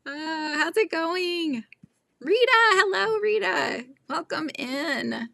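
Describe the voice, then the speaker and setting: A woman's voice: very high-pitched, lively intonation, takes it slowly, vocal fry, fairly bright tone, no echo, studio quality. A woman with a Californian accent hosting a casual livestream, chatting, giggling and reading viewer comments aloud. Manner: chatty, giggly, trails off mid-sentence. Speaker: crochet livestream host.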